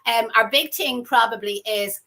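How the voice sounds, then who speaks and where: A woman's voice: a little high, moderate pace, bright, forceful tone, rough recording. A woman with a strong Dublin accent, a flower school tutor chatting casually and telling stories. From Ireland. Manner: chatty, colloquial, storytelling. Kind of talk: casual chat.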